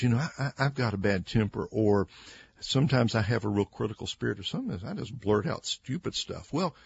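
A man's voice: lowish voice, creaky, slightly rough, muffled recording. A man giving conversational Bible teaching as a radio guest, earnest and acting out quoted speakers with emphasis. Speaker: Christian author and radio guest.

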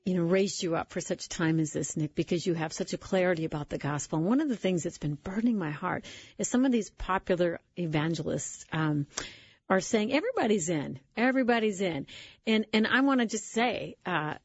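A woman hosting a radio interview show, reading promos and introducing her guest in a friendly, brisk way. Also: lowish voice, lively intonation, breathy edge, no room sound. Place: radio studio. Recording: slightly dull, dry radio studio sound.

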